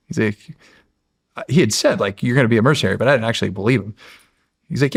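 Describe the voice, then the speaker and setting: Gravelly-voiced middle-aged man telling stories. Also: fairly low pitch, fast talker, no echo, studio quality. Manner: animated storyteller, acts out quotes, frequent restarts. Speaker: podcast guest, former Navy SEAL. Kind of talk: storytelling in a long-form interview.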